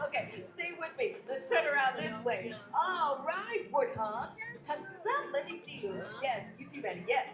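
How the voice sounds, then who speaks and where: A very high-voiced woman hosting an outdoor park show, teasing and joking with the crowd in lively swoops of pitch. Her voice echoes through a sound system with music underneath. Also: moderate pace, hardly any pauses. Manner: playful, sassy, laughing crowd banter. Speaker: theme park show host. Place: outdoor theme park stage.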